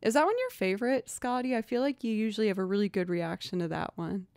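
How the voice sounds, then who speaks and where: A woman's voice: medium pitch, lively intonation, quick pace, darkish tone, clean tone. Chatty woman streamer from Massachusetts. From outside Boston, Massachusetts. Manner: chatty, self-deprecating, reads chat aloud. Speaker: streamer and musician. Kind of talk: casual livestream chat.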